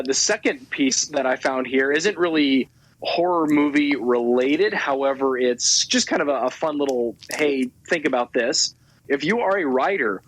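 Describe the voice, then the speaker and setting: A man co-hosting a horror podcast, sharing news items in a measured way. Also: mid-range voice, low-quality recording. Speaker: podcast co-host. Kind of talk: casual chat.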